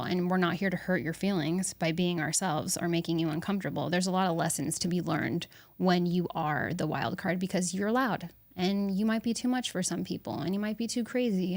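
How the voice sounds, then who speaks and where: A young woman hosts a solo podcast in a low-pitched voice, speaking candidly and bluntly with casual swearing. She reflects out loud, pausing and restarting her thoughts. The sound is close and dry. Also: no echo. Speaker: podcast host.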